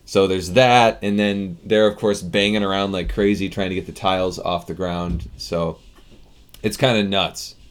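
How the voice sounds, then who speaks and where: A man from the States hosts a laid-back live stream, chatting through viewer comments. His voice sits slightly low, and his talk rambles with easy restarts. He speaks close to a desk microphone. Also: fairly even intonation, a little slow. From United States. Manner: chatty, reads viewer comments and answers them, loose with restarts. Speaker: software developer streaming live. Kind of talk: casual live-stream chat.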